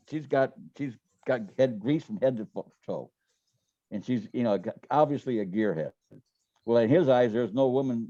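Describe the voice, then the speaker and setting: Speaking at medium pitch with a warm tone, this male guest recounts business stories casually and folksily, repeating words and acting out people's lines in a storytelling interview. The recording is dry and muffled.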